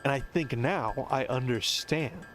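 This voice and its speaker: A man's voice: medium pitch, measured pace, a bit bright, soft background music. An American man streaming a game, rambling and musing as he explains things at length. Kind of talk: casual rambling commentary.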